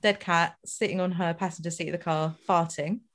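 A woman's voice: lowish voice, fairly even intonation, fairly quick. A woman hosting a podcast, telling a rambling anecdote in casual chat with fillers and asides. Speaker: podcast host.

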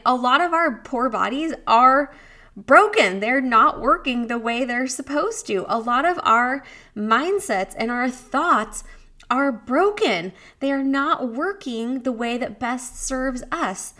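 A woman's voice: on the high side, sharp tone. Woman, 30s, solo podcast host and wellness coach. Candid, chatty delivery with frequent laughs. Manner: chatty and candid, laughs often, acts out inner voices.

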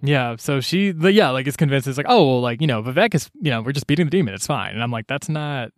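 A man's voice: medium pitch, expressive, fast talker, dry recording, studio quality. A man co-hosting a casual book-discussion podcast, rambling through the plot with lots of "like" and playful retold dialogue. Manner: rambling, full of "like" and playful "girl" retellings. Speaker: podcast co-host discussing a novel.

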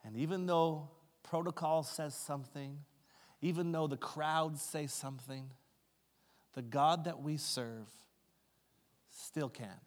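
A man preaching a sermon as a pastor. He retells Bible stories in a conversational way, acting out the characters, then builds to loud, impassioned climaxes. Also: a little high, takes it slowly, long pauses. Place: church sanctuary. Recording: long hall reverb with faint music. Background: faint keys or guitar.

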